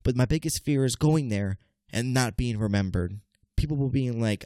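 A stuffed-up, nasal man in his late twenties rambles through a solo podcast, stammering and restarting and talking straight to his listeners. His voice sits at an ordinary middle pitch and sounds dry and close, with no room around it. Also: normal speed, dark tone, no room sound. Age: late 20s. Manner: rambling, stammering, keeps calling listeners "people". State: congested. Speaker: podcast host. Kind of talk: casual solo podcast monologue.

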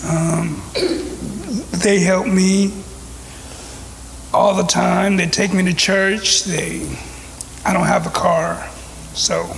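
A man giving thanks in a halting, hesitant way, repeating himself as he searches for words. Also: high-pitched, little pitch movement, gravelly, a bit bright, slight background noise. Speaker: church member giving thanks. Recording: distant hall reverb with faint ambience.

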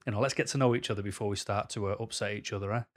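A man's voice: lowish voice, steady tone, very fast. A man giving dating advice to camera in a casual vlog, jokey and self-deprecating.

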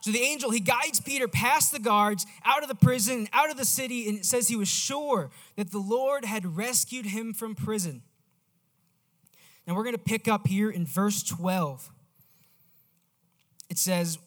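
A man preaching a sermon in a casual, animated storytelling manner. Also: high voice, normal speed.

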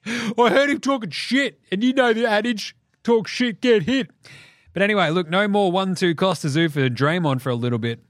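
An Australian man hosting a basketball podcast, ranting in an animated, profane way and laughing between jokes. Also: high voice, a little fast, no echo, clean studio sound. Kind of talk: solo sports podcast rant.

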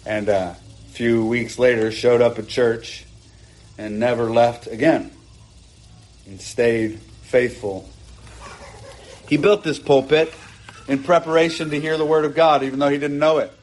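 A man, a pastor, preaching an earnest sermon from a pulpit in his church, with emphatic rising bursts and quick asides. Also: medium pitch, fairly even intonation.

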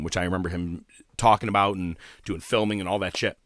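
A man hosting a podcast, telling a profane story in a casual, animated way. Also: deep voice, fast talker, no echo, studio quality. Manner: profane, animated storyteller, voices others in quotes. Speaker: podcast host.

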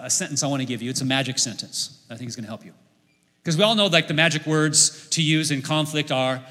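A man in his forties preaching a sermon as pastor, lively and joking, leading the congregation in repeated lines. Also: mid-range voice. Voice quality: bright, lively preaching voice with humor. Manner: leads the congregation in repeating lines, jokes and laughs. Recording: echoey hall with long reverb.

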